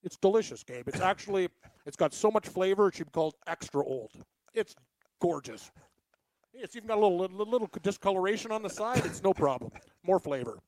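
A man co-hosting a sports radio show, trading jokes and getting loud when he argues. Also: high-pitched, lively intonation, fairly quick, no room sound. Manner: boisterous, jokey, gets loud when arguing. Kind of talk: casual sports radio banter.

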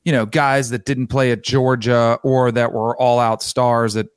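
A man's voice: mid-range voice, little pitch movement, a little slow, clear, resonant tone, no echo, studio quality. A man co-hosting a sports podcast, easygoing and thinking aloud. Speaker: podcast co-host. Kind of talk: casual sports chat.

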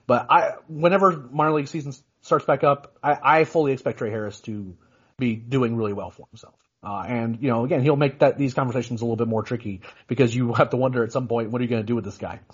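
A man talks fast as he co-hosts a casual sports podcast. He rambles, restarts often and fills with "you know". His voice is husky, with a dull, lo-fi quality. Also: medium pitch. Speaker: podcast co-host.

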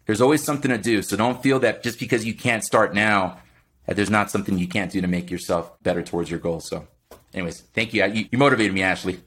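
A man speaking as a podcast guest, in an energetic, motivational chat style, often tagging his points with a quick "right?". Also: lowish voice, slightly rough. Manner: energetic, keeps adding "right?".

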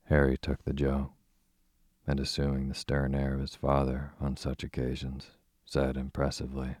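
A man narrating a classic storybook in a steady, measured reading voice with a husky tone. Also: very deep voice, dry recording, clean studio sound. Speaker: audiobook narrator.

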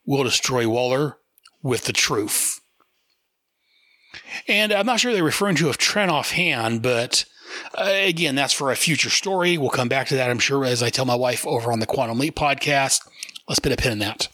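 A man's voice: medium pitch, lively intonation, a little fast, sharp tone, dry recording, clean studio sound. Chatty man reviewing a comic book. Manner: chatty, laughs often. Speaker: comic book podcast host.

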